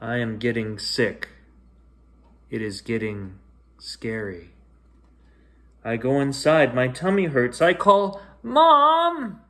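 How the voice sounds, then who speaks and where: A man reading a children's bedtime story aloud in a gentle, expressive way, with sing-song rises and hushed drops. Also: medium pitch, slow, pauses often.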